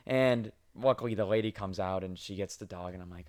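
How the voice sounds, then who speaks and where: A young man in his twenties hosts a casual podcast, telling rambling stories about his day. He swears freely and mocks himself. His voice sits fairly low. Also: brisk. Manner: crude, self-mocking, swears freely. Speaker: podcast host. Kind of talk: casual storytelling chat.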